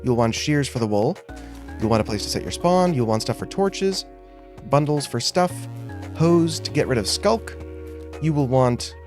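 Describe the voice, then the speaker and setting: A man's voice: mid-range voice, a little mellow. Chatty man narrating his gameplay. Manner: chatty, self-joking, thinking aloud. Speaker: gaming video host. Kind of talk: casual gameplay commentary.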